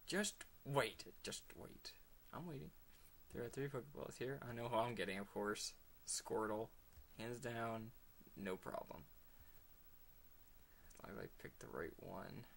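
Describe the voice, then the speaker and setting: A man giving excitable let's play commentary, laughing often and slipping into whispered asides. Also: lowish voice, normal speed, gravelly, long pauses, a little hiss or hum. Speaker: gamer.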